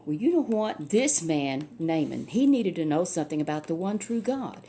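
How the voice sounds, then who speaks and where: A woman's voice: on the low side, sing-song, moderate pace, warm tone, slight background noise. An older woman, a grandmother telling a Bible story to a child in a folksy, chatty way full of asides.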